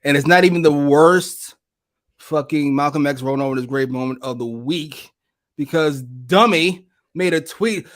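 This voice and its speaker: A man's voice: on the high side, normal speed. A man co-hosting a casual wrestling review podcast, ranting in an exasperated, profane way. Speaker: podcast co-host.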